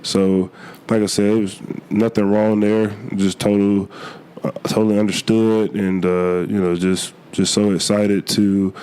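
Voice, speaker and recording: A young man, a college football player, answering interview questions earnestly, a little hoarse from a cold, with many fillers and restarts. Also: low voice, a little mellow. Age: young adult.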